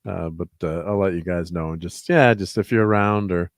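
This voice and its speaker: A man with a lowish voice hosts a laid-back livestream, rambling through shout-outs with uhs and restarts. The sound is dry and close, with no room in it. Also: normal speed, dry recording. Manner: relaxed, rambling thank-yous with fillers. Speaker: host. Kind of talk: casual livestream chat.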